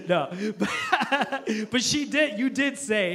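A pastor preaches a humorous sermon to a live audience in a church auditorium, cracking jokes and asking the crowd for applause and amens. His voice is high, a bit bright and unhurried.

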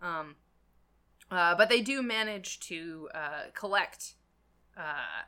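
A woman co-hosting a casual book discussion, recapping with hesitant pauses and fillers. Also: fairly low pitch, expressive, bright, forceful tone. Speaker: podcast co-host discussing a novel.

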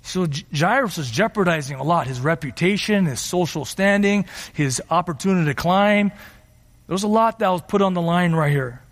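A man preaching a sermon as pastor, earnest, slowing down for emphasis and acting out quotes. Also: high voice, expressive. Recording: reverberant hall.

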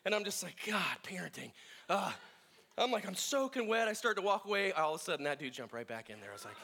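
Delivering a reflective sermon, this middle-aged man recounts family stories in a high voice at a quick pace. He brings them to life by animatedly performing the voices of the people involved.

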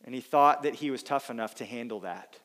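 A man preaching a sermon, earnest and emphatic, with dramatic pauses and repeated phrases for weight. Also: medium pitch, fairly bright tone.

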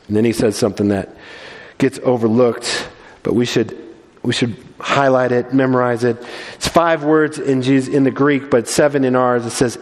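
A male pastor preaching a sermon with animated storytelling and many restarts and repeated words. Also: mid-range voice, moderate pace, in a large hall.

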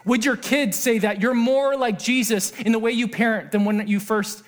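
High-voiced excitable male preacher. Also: moderate pace. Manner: earnest, swings from hushed to excited. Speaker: pastor. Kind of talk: sermon.

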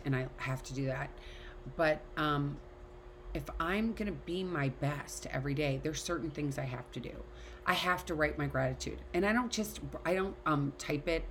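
Low-voiced chatty woman teaching a class. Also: a little hiss or hum. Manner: candid, chatty, swears freely. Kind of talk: casual talk to an online class. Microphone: video call.

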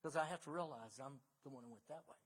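A man's voice: medium pitch, fast, slightly rough. A middle-aged man, a pastor, preaching a conversational sermon full of stories that rises to emphatic bursts.

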